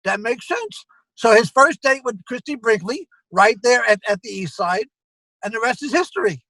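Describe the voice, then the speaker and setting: Man, high bright voice, dry close sound, animated club-owner storyteller. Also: normal speed, dry recording, rough recording. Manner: animated storyteller acting out quoted exchanges. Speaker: comedy club owner, guest. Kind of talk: casual anecdote telling.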